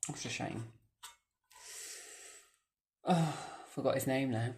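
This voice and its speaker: A young woman, vlogging at home. She swears constantly and swings between low mutters and angry shouting. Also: slow. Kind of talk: casual vlog rant. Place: home, indoors.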